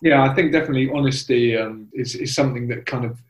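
A man hosting a casual interview, asking encouraging questions in a steady string. His voice sits at a middle pitch. The recording has a noticeably roomy echo. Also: fast talker. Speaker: interview host.

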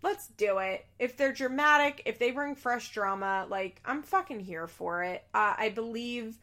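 A woman's voice: fairly high pitch, lively intonation, moderate pace, pushed and bright. A young woman giving a casual, opinionated recap of a reality show, blunt and exasperated, swearing freely.

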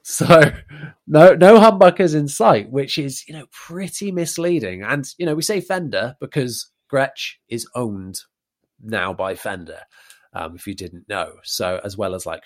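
Chatty male bass podcast host. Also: animated, moderate pace. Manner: chatty and self-deprecating, explains at length. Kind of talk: casual podcast chat.

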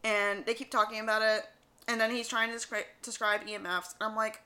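A woman's voice: on the high side, fairly quick. A woman co-hosting a podcast in casual chat, telling stories animatedly and acting out what others said. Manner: animated storytelling, quotes others in voices. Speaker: podcast co-host.

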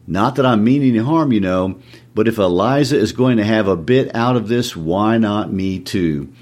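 A man's voice: on the low side, moderate pace, a little mellow, close to an everyday voice. A man reading the lines of a poor, shameless old dustman from a stage play, in a wheedling, pleading way.

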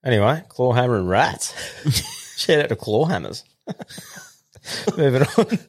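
A man's voice: mid-range voice, very animated, a little slow. An Australian man co-hosting a podcast in casual chat. He laughs often and swears freely. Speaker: podcast co-host.

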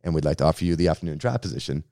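Deep-voiced radio host from Boston, quick slangy storyteller, interview guest. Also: male voice, no echo, clean studio sound. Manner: slangy, lively anecdotal telling.

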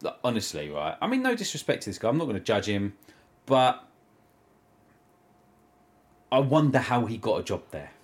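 A man's voice: mid-range voice, very animated, normal speed, long pauses. A British man co-hosting a podcast, telling a story in casual chat, swearing and laughing a lot. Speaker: podcast co-host.

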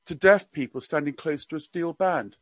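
Here the same guest commentator, a man with a slight received pronunciation accent, reads a wry humorous script on the radio in a slightly high voice at normal speed. The sound is dull, dry and lo-fi, without any echo.

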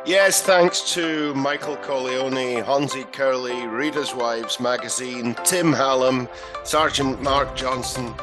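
A man's voice: medium pitch, fairly even intonation, slow pace, over music. A man co-hosting a comedy podcast, making chatty, wry asides. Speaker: podcast co-host. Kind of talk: casual comedy podcast chat.

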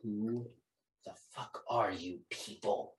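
A woman's voice: a bass voice, moderate pace, sharp tone, roomy sound, voice pushed down. A woman putting on a snarling, cursing captive man. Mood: wary. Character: snarling bound male captive, hostile.

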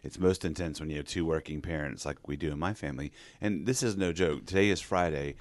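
Low-voiced guy, calm counselor type, dry close sound, steady advice. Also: fairly quick, no room sound. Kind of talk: podcast conversation, giving advice.

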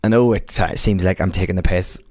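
Low-voiced man chatting casually. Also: steady tone, brisk, darkish tone, dry recording. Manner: sweary, laughing, bantering. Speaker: podcast host. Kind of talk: casual chat.

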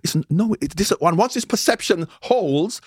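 A man's voice: high-pitched, expressive, normal speed, breathy edge, dry recording, clean studio sound. A man in his sixties, a guest in a heated debate, talking emphatically and pushing back. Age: 60s. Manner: emphatic, interrupts and pushes back.

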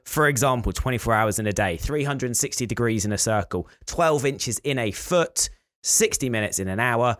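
A podcast co-host explains facts and tells stories in a casual chat, with a medium-pitched, fairly bright voice, lively intonation, and a moderate pace. The recording is dry with clean studio sound.

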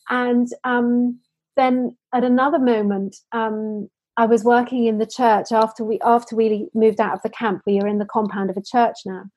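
A woman's voice: a little high, steady tone, brisk, a little mellow, dry recording. A woman from the United Kingdom, a social enterprise founder, answering interview questions in earnest stories full of restarts and fillers.

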